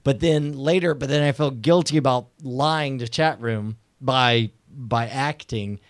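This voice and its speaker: An excitable man hosting a live internet talk show. His voice sits at an everyday middle pitch. He chats loosely and keeps jumping into loud, laughing outbursts. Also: unhurried. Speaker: show host. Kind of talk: casual live-show chat.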